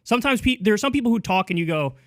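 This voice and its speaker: Quick talking guy on a podcast, slightly higher voice, structured arguing, dry sound. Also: expressive, fairly bright tone, no room sound. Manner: fast, articulate, lays out arguments in structured points. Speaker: podcast guest. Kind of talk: debate.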